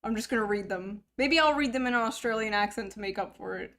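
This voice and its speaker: A young woman with a fairly high voice hosts a livestream in loose, casual chat. She jokes crudely and swears freely as she talks to her chat and reads donations. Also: quick pace, fairly bright tone. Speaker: livestream host.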